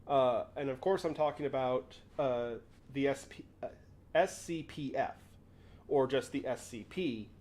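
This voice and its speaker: A man's voice: medium pitch, unhurried, darkish tone. A young man hosting a casual livestream, rambling and often interrupting himself to answer chat. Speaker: livestream host.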